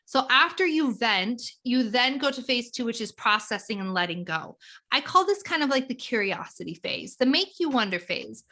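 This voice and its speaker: A woman guest explaining a tapping method in a conversational, teaching way, animated and acting out examples as she goes. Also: a little high, moderate pace. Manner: animated, acts out examples of inner talk.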